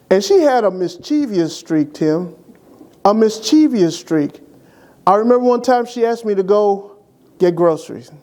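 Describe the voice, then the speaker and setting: This is a high-pitched man talking at a measured pace, an older deacon recalling his late wife for an interviewer. He spins funny, tender anecdotes with plenty of animation, a memorial told through humor.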